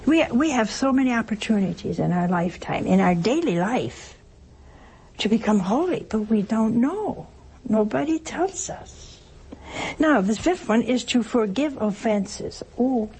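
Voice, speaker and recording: Woman preaching real slow, joking around and asking the crowd questions, faint hiss in the background. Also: on the high side, animated, dark tone. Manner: unhurried, teasing humor, rhetorical questions. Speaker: religious teacher. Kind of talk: sermon-style teaching talk.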